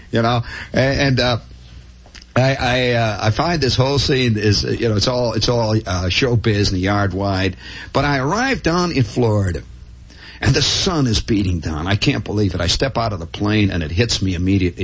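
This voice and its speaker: A man's voice: mid-range voice, animated, normal speed, husky. A man telling a long, rambling first-person story in a wry, conversational way, with many restarts and asides.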